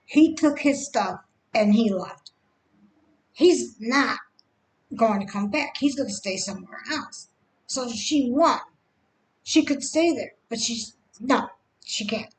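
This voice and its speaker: A woman giving opinionated reaction commentary, often halting and restarting, and stressing that her views are only her own. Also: on the high side, animated, a little hiss or hum, rough recording.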